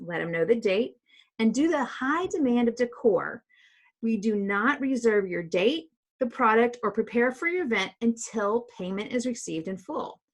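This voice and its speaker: Emphatic woman coaching business owners. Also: a little high. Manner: emphatic, direct, repeats key points. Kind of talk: instructional coaching talk.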